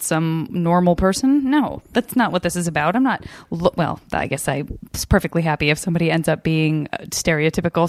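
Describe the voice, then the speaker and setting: A woman hosting her podcast in loose, casual chat, her voice sitting a touch low. She talks in a chatty, self-deprecating way and is quick to laugh, speaking into a studio mic with headphones on. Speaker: podcast host. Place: home setup in a remote recording.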